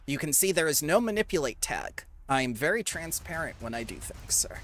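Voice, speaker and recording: A game master running a tabletop session, briskly explaining rules and rolls. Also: mid-range voice, sing-song, a bit bright, no room sound. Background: faint fantasy background music.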